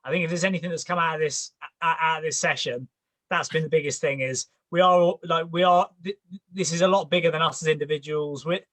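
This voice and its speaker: A man's voice: a little high, fairly even intonation, fast, a bit bright, no room sound. A man hosting an interview, asking long rambling questions with enthusiasm and frequent repeats. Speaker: host.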